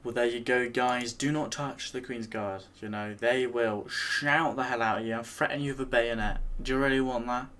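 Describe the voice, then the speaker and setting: A man's voice: mid-range voice, steady tone, normal speed, few pauses, a bit bright, a little hiss or hum. A young British man with an easygoing, rambling manner, full of restarts and fillers, chatting as he reacts to a video. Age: young adult. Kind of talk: casual chat.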